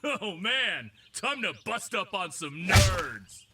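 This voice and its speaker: A man's voice: high-pitched, very animated, slow, over loud music, voice pushed down, heavily acted. A man voicing a dimwitted teenage boy bully, brash and taunting. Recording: loud noise behind.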